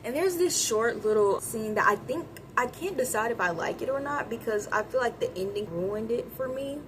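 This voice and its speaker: A woman giving a casual, animated movie review, chatting with viewers and acting out characters' lines in quick voices. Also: on the high side, background noise. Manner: chatty, addresses viewers as y'all.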